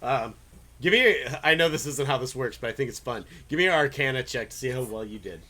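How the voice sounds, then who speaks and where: A man running a tabletop game as game master, talking casually with halting restarts and the odd swear. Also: medium pitch, sharp tone.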